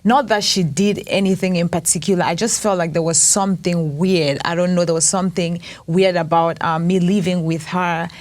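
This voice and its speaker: A woman in her thirties tells her life story as an interview guest, in a slightly low voice. She speaks earnestly and reflectively, taking her time between thoughts. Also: fairly even intonation, normal speed, few pauses, a little mellow. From Cameroon. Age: 30s. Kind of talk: personal testimony.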